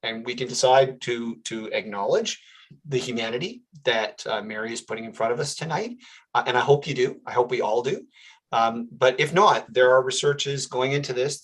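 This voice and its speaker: A man hosting an online town hall, moderating it in an earnest, measured way and reading out audience comments. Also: mid-range voice, fairly bright tone. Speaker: town hall host, politician.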